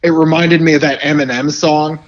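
A man's voice: on the high side, fairly even intonation, moderate pace, muffled recording. A man chiming in bluntly during casual chat with friends, swearing freely.

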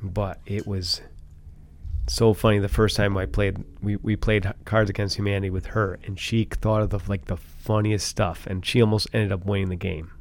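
A man chatting casually with friends, halting a little and chiming in with short agreements. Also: on the low side, flat delivery, creaky. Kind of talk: casual chat.

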